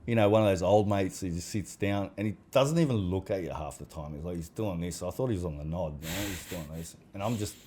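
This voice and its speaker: A man's voice: deep voice, fast talker, few pauses, mellow, a little hiss or hum. A man, a podcast guest talking casually and bluntly, swearing and acting out the conversations he recounts. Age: 40s. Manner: blunt, swears, acts out quoted exchanges. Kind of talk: casual chat.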